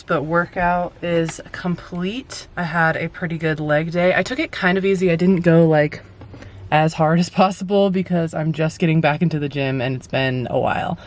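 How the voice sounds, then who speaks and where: A woman from Colorado talking casually to camera in a vlog, relaxed and chatty, with easy slang and filler words. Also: fairly low pitch, slight background noise. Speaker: vlogger. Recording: background music under the voice.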